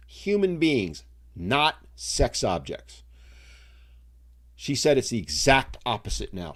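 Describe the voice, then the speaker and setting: A middle-aged man hosting a live stream, chatting casually and rambling through side stories while he answers viewer comments. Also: mid-range voice. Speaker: live show host reading viewer chat.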